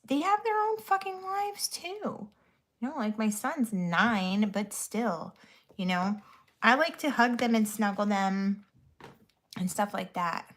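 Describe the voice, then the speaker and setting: A woman in her thirties chatting casually while doing her makeup, blunt and chatty, swearing freely. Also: medium pitch. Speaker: vlogger.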